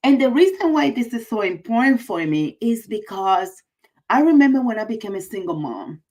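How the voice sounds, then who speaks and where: A woman's voice: a little high, big pitch swings, moderate pace, a little mellow, low-quality recording. A woman hosting a casual livestream, effusive and emotional, repeating her greetings. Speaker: livestream host.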